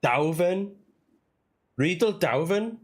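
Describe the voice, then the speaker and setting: Taking it slowly, a man with a high-pitched voice and lively intonation streams a puzzle game. He casually thinks out loud and sounds out made-up words as part of his let's-play commentary.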